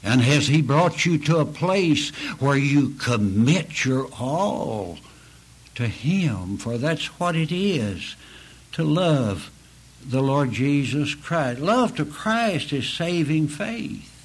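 Man preaching real slow, husky voice, kinda highish, gets loud and pleading. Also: lively intonation, rough recording. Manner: slow, earnest pleading preaching with rising emphatic peaks. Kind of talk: sermon.

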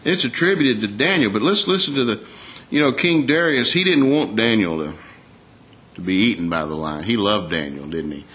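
Male preacher, lower voice, chatty sermon style, rhetorical questions, slows down to read scripture. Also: expressive, fairly bright tone. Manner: reads scripture aloud in a slower, raised voice.

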